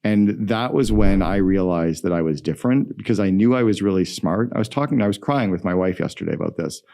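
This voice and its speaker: A middle-aged man, a guest entrepreneur, telling stories in an energetic, emphatic way in a podcast interview. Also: deep voice, brisk, vocal fry.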